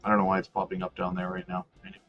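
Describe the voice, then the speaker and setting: A man hosting a casual crypto livestream, reading viewer comments and talking through charts in a loose, chatty way that swings from loud to muttered. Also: deep voice, sing-song, very fast, vocal fry, lo-fi sound, faint music behind. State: has the hiccups.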